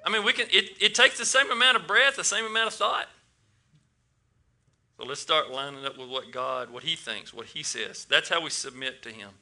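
A man's voice: medium pitch, bright, forceful tone. A man preaching a casual sermon to a congregation, asking them questions and often repeating his words.

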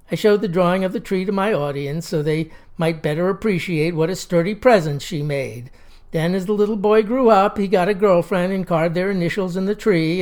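A woman's voice: fairly low pitch, darkish tone. A woman telling a comic story in a wry, folksy, drawling manner. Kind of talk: comic monologue.

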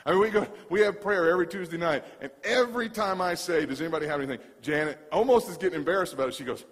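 A man preaches in a church, and his voice rings out in the hall's long reverb. He tells a story with lively energy, stumbles over repeated words and acts out every line of dialogue. His voice sits a touch higher than most men's. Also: very fast, few pauses. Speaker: pastor. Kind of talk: sermon.

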